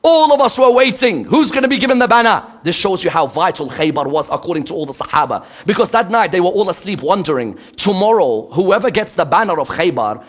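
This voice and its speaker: A man giving a religious lecture, asking the audience rhetorical questions and acting out quoted dialogue, with dramatic swings between loud and hushed delivery. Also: high voice, animated, fairly quick, hardly any pauses.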